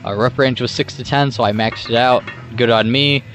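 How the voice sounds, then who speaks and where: A man's voice: medium pitch, fairly even intonation, moderate pace, fairly bright tone, faint music behind. A young man narrating his gym workout vlog in a casual, rambling way, with many fillers and restarts. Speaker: fitness vlogger.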